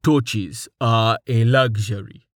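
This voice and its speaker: Narrator voicing a quiet practical crafter man, slow, plain-spoken, dry booth, fantasy audiobook. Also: medium pitch, fairly even intonation, no echo, natural voice. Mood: matter-of-fact. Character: gruff practical male crafter.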